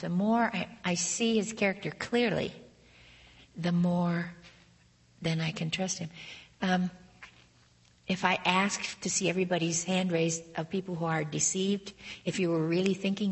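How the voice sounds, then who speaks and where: A woman giving a sermon in an earnest storytelling manner, with a husky voice, quoting God softly. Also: fairly low pitch, fairly even intonation, normal speed. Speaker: speaker.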